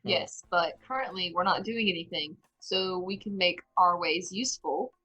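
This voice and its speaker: A woman's voice: lowish voice, moderate pace, bright, forceful tone, breathy edge, soft background music, poor audio. A woman playing a tabletop game, chatting casually with eager questions. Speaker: player.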